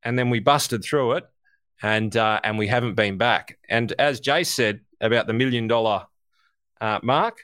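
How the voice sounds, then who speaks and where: A man co-hosting a podcast, giving animated, casual market commentary, swearing freely and speaking straight to listeners. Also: medium pitch, normal speed, clean tone, no room sound, studio quality. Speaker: co-host.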